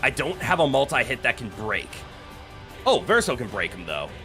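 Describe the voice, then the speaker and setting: A man's voice: medium pitch, very animated, moderate pace, over music. A man streaming a video game, chatting casually, reading game text aloud and reacting with playful exclamations. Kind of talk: casual gameplay commentary.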